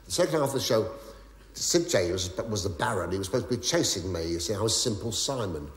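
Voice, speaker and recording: Briskly and animatedly, a man with a fairly low voice does stand-up storytelling in a theatre, stammering, muttering gossipy asides, then shrieking and mock-pleading with the crowd. The live recording sounds roomy, with heavy background noise from laughing audience members.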